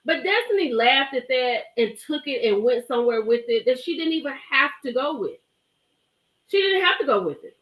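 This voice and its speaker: Animated gossiping woman, roomy echo. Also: high-pitched. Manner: animated, emphatic, chatty, greets viewers. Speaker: live stream host reviewing a reality show. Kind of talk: gossipy live stream commentary.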